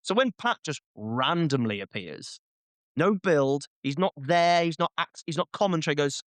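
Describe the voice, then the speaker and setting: Ranting man, higher voice, dry mic. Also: lively intonation, fairly quick, a bit bright, dry recording. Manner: ranting, jokey, acts out little quoted voices. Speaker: podcast host. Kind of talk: casual wrestling chat.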